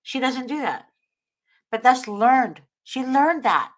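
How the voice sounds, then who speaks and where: A woman's voice: high voice, lively intonation, slow pace. Earnest woman host giving advice. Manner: earnest, preachy, repeats herself. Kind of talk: casual advice talk.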